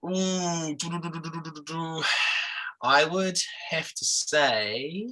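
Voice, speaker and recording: A man's voice: a little high, slow, pushed and bright. A man chatting as an interview guest, upbeat and thinking aloud with fillers. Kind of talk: casual chat.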